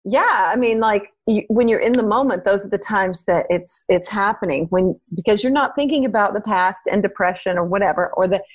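A woman's voice: mid-range voice, a little fast, few pauses. A woman hosting a podcast, chatting casually and effusively, with lots of fillers and frequent laughter. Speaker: podcast host.

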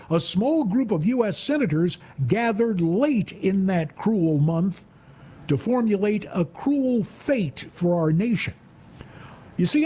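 A man's voice: high-pitched, a little mellow, slightly rough. A middle-aged man guest-hosting a talk radio show in a folksy, wry manner, reading his own column aloud. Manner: folksy, wry, measured emphasis.

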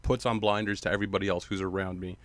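A man's voice: sits low, flat delivery, rapid-fire. A man co-hosting a casual talk show, playful and teasing, asking searching questions. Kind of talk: casual chat.

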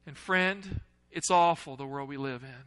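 A man preaching a sermon, asking the congregation questions and swinging between loud, urgent lines and hushed ones. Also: medium pitch, moderate pace, clean tone, low-quality recording. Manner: asks the audience questions.

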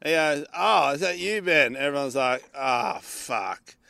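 An Australian man with a bright, forceful voice and a fairly high pitch tells a story in casual chat. He is animated and swears freely, acting out the people in the story. The mic is close and dry. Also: a little slow, gravelly, no echo. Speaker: comedian and podcast co-host.

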